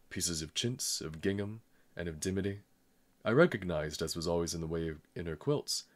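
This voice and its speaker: A man reading a novel aloud in calm, measured narration. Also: sits low. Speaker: audiobook reader. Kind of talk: scripted narration.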